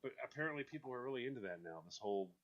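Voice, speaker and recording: Guy hosting a radio chat, lively bright voice, jokey and fast-talking. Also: mid-range voice, lo-fi sound. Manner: animated, joking, quick bursts of excitement; laughs often while talking. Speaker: radio show host. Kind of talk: casual radio banter.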